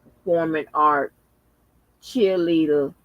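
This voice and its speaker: A man's voice: on the high side, fairly even intonation, slow, fairly bright tone, dry recording, muffled recording. A man hosting his own channel, talking casually and with lots of exclamations, chatting straight to his viewers and swearing freely. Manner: chatty, profane, exclamatory, addresses viewers as y'all. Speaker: channel host. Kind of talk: casual vlog commentary.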